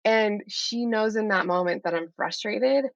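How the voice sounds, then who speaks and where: A woman guest on a parenting podcast, talking in a warm, animated way and laughing easily. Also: medium pitch, measured pace, gravelly, no echo, muffled recording. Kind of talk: casual interview chat.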